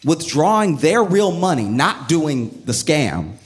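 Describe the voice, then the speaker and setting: A man telling a stand-up comedy bit with animated storytelling, the audience laughing along. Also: a little high, slow pace.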